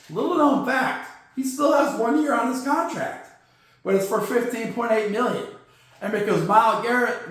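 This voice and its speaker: A man with a very high voice hosts a football news podcast, sarcastic and jokey as he rants. His voice rings in a very echoey room. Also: fairly bright tone. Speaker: podcast host. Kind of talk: casual football news rant.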